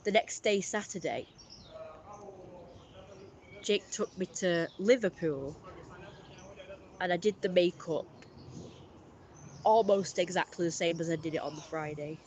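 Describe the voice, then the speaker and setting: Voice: medium pitch, unhurried, long pauses, darkish tone. A streamer, rambling through a casual live-stream story with lots of fillers.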